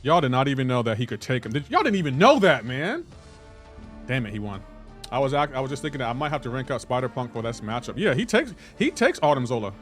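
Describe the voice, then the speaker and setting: Male streamer, lively pitch, middle-range voice, casual banter, mock-indignant. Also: fast talker, soft background music. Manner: playfully indignant, teasing his chat. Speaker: game streamer. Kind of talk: casual live-stream chat.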